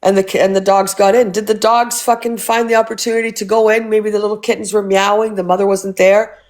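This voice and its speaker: A woman's voice: mid-range voice, little pitch movement, fast talker, darkish tone. A woman hosting a casual livestream, blunt and swearing freely as she asks rhetorical questions. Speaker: livestream host.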